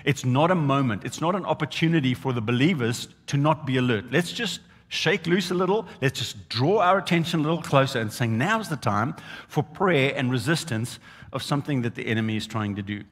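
A male pastor preaching a sermon, emphatic and animated, driving points home with repeated phrases. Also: medium pitch, a little fast, slightly rough, long reverb tail.

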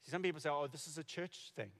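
The voice belongs to a man in his forties or older, fairly high-pitched and fairly bright, moving at a quick pace. As a pastor, he preaches by telling stories conversationally and restarts frequently. The sound reverberates like a hall.

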